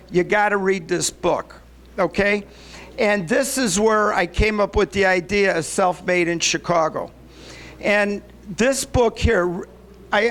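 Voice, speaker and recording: A man's voice: sits high, fairly bright tone. A man, organizer of a meetup group, telling a story to the room in a loose way and often checking in with the audience.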